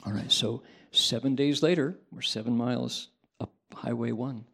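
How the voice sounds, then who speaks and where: A male monk tells a story in a sermon, adding sound effects and acting out the characters. His voice is gravelly and husky, and it sits at an ordinary male pitch. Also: normal speed. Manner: animated storyteller who adds sound effects and acts out voices. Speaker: Buddhist monk giving a dharma talk.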